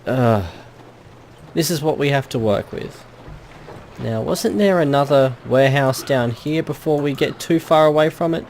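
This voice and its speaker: A man's voice: mid-range voice, a little slow, gravelly, darkish tone, slight background noise. A man giving casual gameplay commentary with dry, wry asides and the odd crude joke. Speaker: let's play host.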